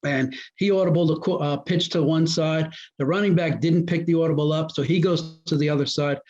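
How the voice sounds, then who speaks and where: A man, a former high school football coach, telling old stories as a guest and acting out what people said. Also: brisk. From New Jersey. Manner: animated storyteller who acts out quoted dialogue. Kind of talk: casual storytelling interview. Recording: muffled lo-fi audio.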